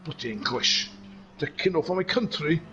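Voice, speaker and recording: A man's voice: on the high side, expressive, measured pace, sharp tone, lo-fi sound, slight background noise. A man in a put-on North Welsh accent commentating a live sim race, joking and rambling into asides.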